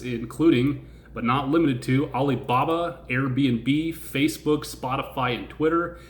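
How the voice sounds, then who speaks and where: A man's voice: mid-range voice, fairly bright tone, roomy sound, a little hiss or hum. A man hosting a stock-investing channel, chatting casually, laughing often and asking his viewers questions. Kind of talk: casual video commentary.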